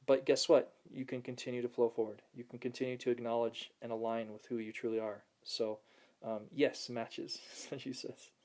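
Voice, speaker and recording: A man's voice: mid-range voice, flat delivery, normal speed, darkish tone. A man hosting a casual motivational video, reading viewer comments aloud and laughing often as he talks. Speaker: host of a self-help video. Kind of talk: casual motivational talk to camera.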